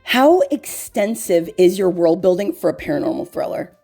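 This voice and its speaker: A woman hosting a comedic mock interview, speaking in a hesitant, halting way with gentle teasing. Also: fairly low pitch, very animated, creaky, faint music behind. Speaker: host.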